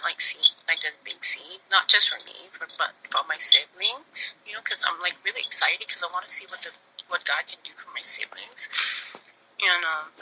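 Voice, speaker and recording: Bright-voiced woman telling a personal story. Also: lowish voice, breathy edge, rough recording. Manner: emotional, drops to a near whisper when moved; rambling, repeats "I said" and "like". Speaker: radio show host.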